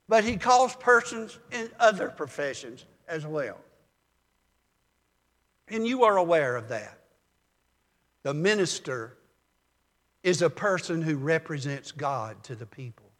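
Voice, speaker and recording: An older male pastor delivers a sermon, easing into folksy stories with a calm, measured pace. His voice sits fairly high for a man. The sound rings out with the long reverb of a church sanctuary.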